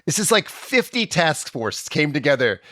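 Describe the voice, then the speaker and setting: A sarcastic, profane man riffing on a comedy podcast. His bright voice swings widely in pitch. The sound is dry and close. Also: big pitch swings, moderate pace, no echo.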